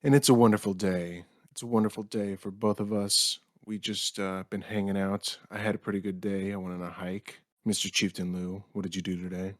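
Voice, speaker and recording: Young male podcast host, lowish voice, dry close sound, crude jokey banter. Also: little pitch movement, brisk, few pauses, dry recording. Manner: irreverent, jokey, swears freely.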